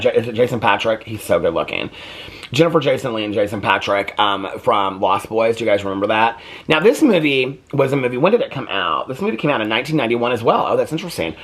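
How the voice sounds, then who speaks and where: A man in his fifties hosts a casual movie review vlog in a somewhat low voice. He talks in a chatty, rambling way, heartfelt and open with his viewers. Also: fairly bright tone, breathy edge. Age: 50s. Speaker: host.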